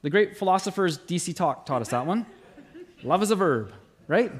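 A middle-aged man preaching a sermon as pastor, telling a story with animated acted-out dialogue. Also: high-pitched, fairly quick, husky.

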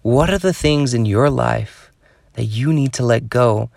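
A man's voice: medium pitch, unhurried, gravelly, darkish tone, no room sound. A man preaching a devotional sermon, pleading with his listeners in an earnest, exhorting way.

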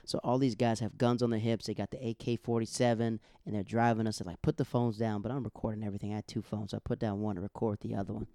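A young man rambling through a casual monologue, acting out the people in his stories. His voice is smooth and resonant, recorded close and dry with no room sound. He talks in loose runs with restarts. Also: on the low side, fast, few pauses, no room sound. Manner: rambling, animated storytelling with quoted voices.

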